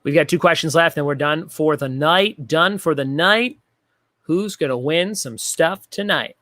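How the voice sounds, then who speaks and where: A fairly high-voiced man hosts an online trivia night with upbeat energy. He reads each question, repeats it a few times and trades jokes with his viewers. The sound is dry and close to the mic. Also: a little slow, sharp tone, dry recording. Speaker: trivia host. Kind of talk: live-streamed trivia hosting.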